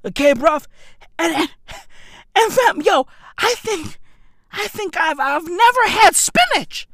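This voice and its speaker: Animated high-voiced man ranting. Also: slow pace, no room sound, clean studio sound. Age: 30s. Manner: profane, swings between shouting and muttering. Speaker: comedian. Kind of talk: comedic rant.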